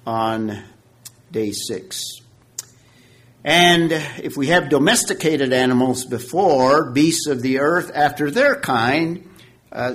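Slow, measured male Bible teacher. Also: on the high side, fairly bright tone. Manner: slow, measured, emphatic teaching with frequent pauses. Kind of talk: classroom Bible lecture.

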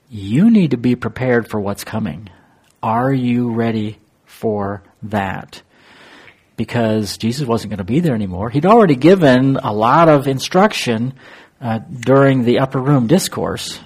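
A man teaching verse by verse through a Bible passage, thoughtful and halting, pausing with fillers and posing rhetorical questions to his listeners. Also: mid-range voice, a little mellow, breathy edge.

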